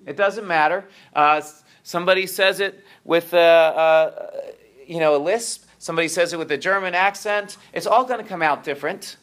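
A man's voice: on the high side, moderate pace, a bit bright. A man preaching a sermon to his congregation, often restarting his words and checking in with "right?".

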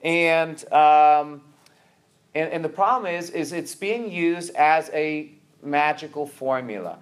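A man's voice: on the high side, slow pace. A man preaching a sermon to his congregation, often restarting his words and checking in with "right?".

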